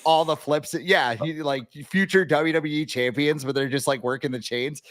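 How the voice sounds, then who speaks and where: A young man with a slightly high voice speaks at normal speed, with no echo in the recording. Co-hosting a casual sports podcast, he talks animatedly, cracks jokes, and acts out the voices of people he quotes.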